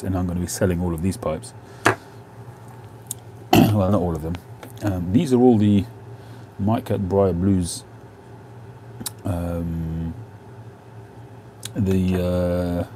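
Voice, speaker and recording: A man's voice: deep voice, fairly even intonation, measured pace, pauses often, mellow, slight background noise. A man hosting a casual live stream from home on a phone, chatting and answering viewers' comments.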